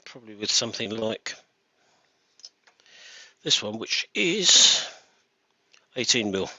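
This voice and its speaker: A man's voice: on the low side, very animated, takes it slowly, sharp tone, no echo. A man working as a woodturner on a live stream, chatting casually and thinking aloud with stammering restarts as he works in his workshop.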